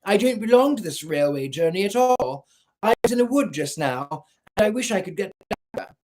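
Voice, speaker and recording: A man's voice: high voice, lively intonation, normal speed, darkish tone, voice pushed up. A man voicing a polite, anxious young girl in a storybook reading.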